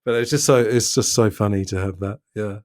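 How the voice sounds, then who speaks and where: A man from the south of England talks casually on a podcast, thoughtful and quick to laugh. His voice sits fairly low. The sound is dry and close, with no room around it. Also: fairly even intonation, darkish tone, no echo. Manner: chatty, thoughtful, laughs often. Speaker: podcast co-host. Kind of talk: casual film discussion.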